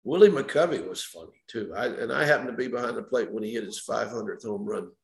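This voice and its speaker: A man's voice: lowish voice, expressive, quick pace, vocal fry, reverberant. An older man, a former baseball umpire, telling anecdotes in an interview and chuckling at his own stories. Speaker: retired baseball umpire, guest. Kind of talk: storytelling interview.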